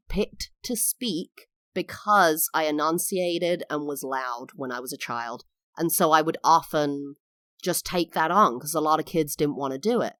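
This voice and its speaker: A woman's voice: deep voice, fairly bright tone, no room sound, clean studio sound. A woman in her thirties hosting a podcast, telling personal stories in a candid, reflective way with emphatic swells. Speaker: podcast host. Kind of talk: personal storytelling monologue.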